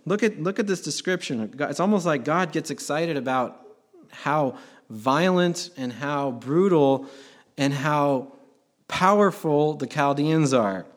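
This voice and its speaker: A man's voice: a little high, expressive, takes it slowly. A man preaching a sermon as pastor, talking conversationally and swelling to emphatic bursts.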